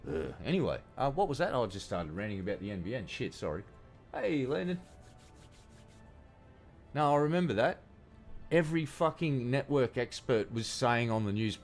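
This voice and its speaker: A man's voice: medium pitch, lively intonation, fairly quick, faint music behind. A man with an Australian accent giving casual, profane, ranting commentary while streaming a game.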